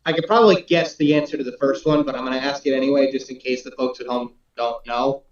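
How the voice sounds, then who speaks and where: A man's voice: a little high, a little mellow. A man co-hosting a casual sports chat, asking questions in an upbeat, playful way. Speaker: co-host. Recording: dull, echoey call audio.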